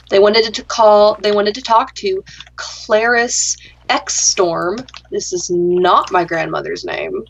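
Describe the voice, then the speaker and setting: A young adult woman hosting a gaming channel tells a story in a casual gaming chat, dry and sarcastic and swearing freely. Her voice is medium-pitched and creaky, with the high frequencies cut off.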